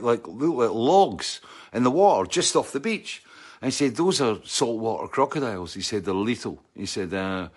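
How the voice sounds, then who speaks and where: A man's voice: mid-range voice, breathy edge. A man with a Scottish accent telling a rambling anecdote, often checking in with "right?" and mimicking sounds with his mouth.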